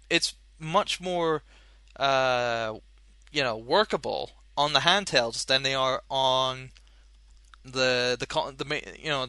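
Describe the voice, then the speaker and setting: A young man talks through a casual podcast segment, wandering from point to point with plenty of "uh"s and "you know"s. His voice is very bright and smooth, and the recording is close and dry with no room around it. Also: mid-range voice, no room sound. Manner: rambling, many fillers and restarts. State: chewing gum. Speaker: podcast host. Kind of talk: casual chat.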